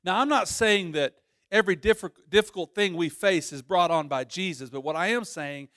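A pastor preaching a sermon, telling a story with lively voices and frequent restarts. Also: male voice, high voice, moderate pace, no echo, studio quality.

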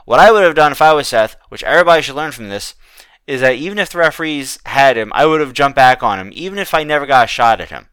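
A man's voice: medium pitch, expressive, quick pace, a bit bright, clean tone, dry recording. A man hosting a wrestling podcast, chatting casually with plenty of restarts. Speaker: podcast host. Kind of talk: casual chat.

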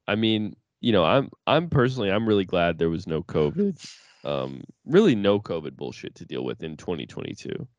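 A low-pitched man in loose podcast banter. He swears freely and trips over his restarts. The sound is dry and close, with no room echo. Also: very animated, fairly quick, lo-fi sound. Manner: laid-back, swears often, lots of fillers and restarts. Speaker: podcast co-host. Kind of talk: casual chat.

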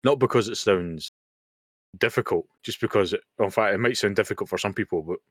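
A man in his thirties from the UK with a very low voice, co-hosting a podcast. He speaks bluntly, swears freely and adds dry humour, and the sound is close and dry. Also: a little fast, no room sound. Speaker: podcast co-host. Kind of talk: casual chat. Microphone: remote call mic.

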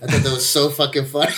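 A man's voice: on the high side, very noisy. A man co-hosting a podcast in casual chat, laid-back, laughing often and swearing. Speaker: podcast co-host.

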